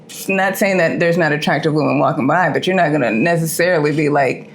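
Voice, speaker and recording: A woman's voice: deep voice, quick pace. A woman co-hosting a casual chat show, talking bluntly and candidly in slangy speech. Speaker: co-host.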